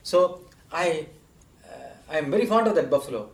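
A man's voice: a little high, animated, normal speed. A man voicing an earnest young boy. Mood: fond. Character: honest young boy devoted to his buffalo. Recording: roomy echo.

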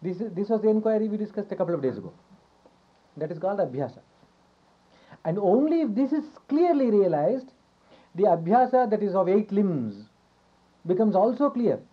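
A man giving a yoga philosophy lecture, repeating his phrases, asking rhetorical questions and chuckling softly now and then. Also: high-pitched, very animated, moderate pace, pauses often. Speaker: yoga teacher. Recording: dull lo-fi recording.

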